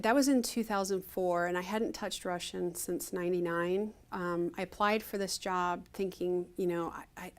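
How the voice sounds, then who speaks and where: A middle-aged woman from Ohio with a low-pitched voice talks through her service memories. She rambles in a friendly storytelling way, with many restarts and "you know"s. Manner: chatty storytelling, frequent fillers and restarts. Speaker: retired Air Force officer, interviewee. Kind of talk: conversational oral history interview.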